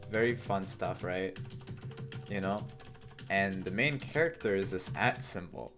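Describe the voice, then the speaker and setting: A man's voice: deep voice, a little slow. A man live-streaming as he codes, rambling and joking as he thinks aloud. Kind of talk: casual live-coding stream.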